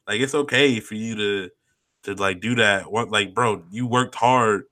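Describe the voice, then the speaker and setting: Bright-voiced profane man chatting. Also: fairly low pitch. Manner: laid-back, profane, drawn-out slang. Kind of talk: casual chat.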